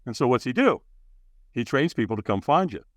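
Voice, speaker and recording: A man telling a personal story as a podcast guest, acting out the other people's lines with big leaps in pitch. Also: very animated, a little fast, dry recording. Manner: acts out dialogue with big jumps in pitch. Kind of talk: animated storytelling.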